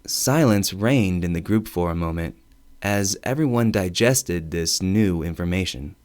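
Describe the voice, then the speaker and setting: Expressive, wry male audiobook narrator. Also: low-pitched, unhurried. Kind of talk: first-person audiobook narration.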